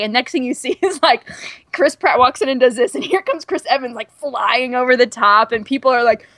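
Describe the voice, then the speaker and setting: A woman's voice: high-pitched, brisk, fairly bright tone, dry recording, studio quality. A woman co-hosting a podcast, telling stories in casual chat full of fillers. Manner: chatty, storytelling, lots of fillers. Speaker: podcast co-host.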